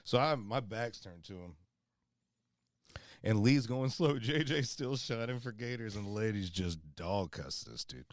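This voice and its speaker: A man with a low, deep voice telling a rambling story in easygoing chat, animated and loose. The sound is dry and close. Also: measured pace, no echo. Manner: rambling and animated, peppered with "bro" and "dude". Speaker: podcast co-host. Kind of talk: casual storytelling. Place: outdoors by a fire.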